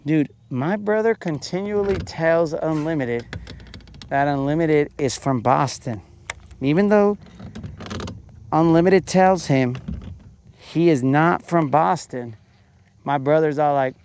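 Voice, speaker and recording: A man's voice: a little high, takes it slowly, pauses often, a little mellow, a little hiss or hum. A man hosting a fishing show, giving laid-back, joking commentary from a boat on a lake.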